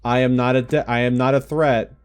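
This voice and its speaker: A man commentating his own video game playthrough with excitable, joking reactions and frequent laughs. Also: mid-range voice, fairly quick, clear, resonant tone. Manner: excitable, jokey, yelps and laughs. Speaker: gaming YouTuber. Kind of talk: Let's Play commentary.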